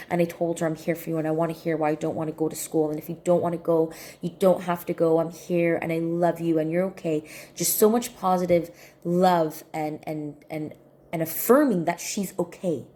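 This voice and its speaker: A woman telling a personal story to camera in an earnest, soft-spoken way, often repeating her points. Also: on the low side. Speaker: healing coach.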